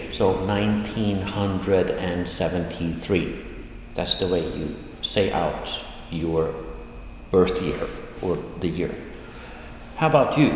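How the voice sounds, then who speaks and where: A man teaching an online language lesson, Swedish his first language, reading dialogue lines slowly and carefully, then explaining them. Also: on the low side, a little hiss or hum. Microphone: online lesson recording. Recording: echoey room with long reverb.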